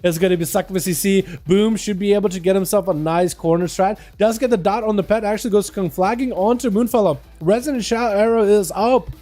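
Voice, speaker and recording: Young male streamer, high but mellow voice, chatty play-by-play, faint music behind. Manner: casual, chatty, fast play-by-play. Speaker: streamer and game commentator. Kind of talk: live game commentary.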